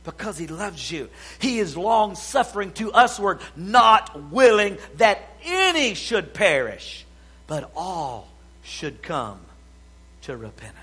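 A man delivering a fiery sermon in a high, bright voice. He rises to shouts, then drops to near-whispers while quoting scripture. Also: big pitch swings, slow, husky. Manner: swings from shouting to hushed, quotes scripture. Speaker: preacher. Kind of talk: revival sermon.

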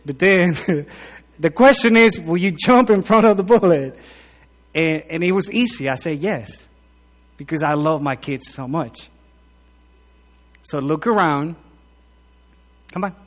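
A man, preaching a conversational sermon into a handheld mic, joking, then swinging from loud emphatic lines to quiet asides. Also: fairly high pitch, expressive, measured pace, long pauses. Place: church hall. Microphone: handheld microphone. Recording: long hall reverb.

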